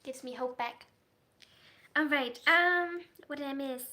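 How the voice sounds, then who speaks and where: A woman livestreaming as a story writer, chatting casually with her viewers in an animated way and laughing often. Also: high voice, unhurried. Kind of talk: casual livestream chat, reacting to viewers' messages.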